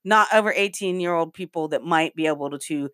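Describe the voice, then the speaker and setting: A woman's voice: low-pitched, fairly quick, fairly bright tone, dry recording, studio quality. A woman co-hosting a podcast, chatting casually in a playful, rambling way and laughing often. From rural area. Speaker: podcast co-host. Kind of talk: casual chat.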